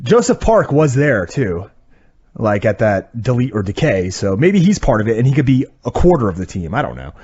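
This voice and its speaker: A man's voice: mid-range voice, very animated, moderate pace, darkish tone, slightly rough. A man co-hosting a casual podcast, rambling through a wry play-by-play recap of wrestling episodes. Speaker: podcast co-host reviewing wrestling. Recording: dull lo-fi audio.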